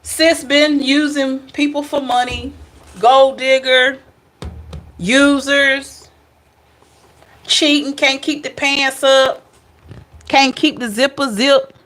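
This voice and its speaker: High-voiced chatty tarot reader woman. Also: steady tone, slow, long pauses, a bit bright. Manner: chatty, blunt, playful, talks straight to viewers. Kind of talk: casual tarot reading to camera.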